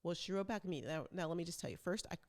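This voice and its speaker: A woman with a low voice chats loosely as host of her own vlog. Her tone carries a gravelly, fry-edged texture. She rambles from one thought to the next like a self-declared talker. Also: expressive, rapid-fire, a little mellow. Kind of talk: casual chat.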